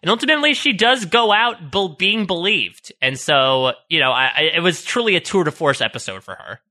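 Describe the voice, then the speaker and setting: A man co-hosting a casual podcast, talking through a show with enthusiasm and quick asides. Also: high voice, lively intonation, pushed and bright. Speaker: podcast co-host. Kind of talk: casual chat.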